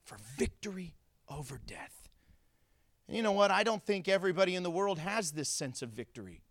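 A pastor preaching a sermon to his congregation, animated, acting out the voices of people in the story. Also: high-pitched, fast, dry recording, studio quality.

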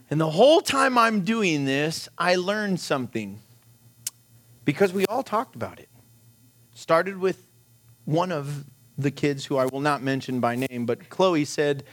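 A middle-aged man with a high voice preaches, recounting a funny personal story in an animated, self-deprecating manner and laughing along the way.

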